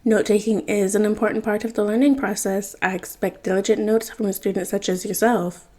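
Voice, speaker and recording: A woman voicing a middle-aged female teacher who speaks in a brisk, lecturing way. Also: medium pitch, fairly even intonation, dark tone, lightly acted. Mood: stern.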